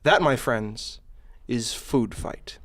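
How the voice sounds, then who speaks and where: A young male student debater giving a sardonic, joking pitch against a film. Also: expressive, takes it slowly, a bit bright. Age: young adult. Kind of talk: comic argument.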